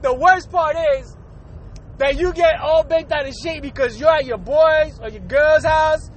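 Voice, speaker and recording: A man's voice: extremely high pitch, fairly bright tone, a little hiss or hum. A man telling a crude comedic story to his viewers, laughing constantly through his words and acting out noises.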